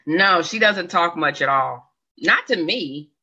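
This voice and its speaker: Chatty woman with a bright voice. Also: on the low side, lively intonation, takes it slowly, breathy edge. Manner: chatty, rambling, self-questioning, laughs often. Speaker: livestream host reading chat. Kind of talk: casual livestream chat. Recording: dull lo-fi sound.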